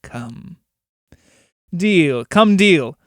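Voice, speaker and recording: A man's voice: on the high side, expressive, very slow, no echo. A man reading a cold, coaxing soul-merchant. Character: scheming soul-buying male merchant, cold and persuasive.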